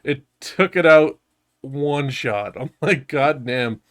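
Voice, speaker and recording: A man's voice: fairly high pitch, expressive, slow pace, a bit bright. A young man co-hosting a podcast, telling stories in casual chat, laughing often and swearing a lot. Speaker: podcast co-host.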